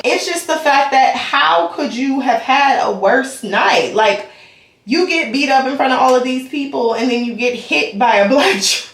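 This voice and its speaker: Young woman telling a wild story to camera, high pitched, lots of drama, roomy echo. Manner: animated, dramatic retelling with laughs. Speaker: vlogger. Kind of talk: casual storytime chat.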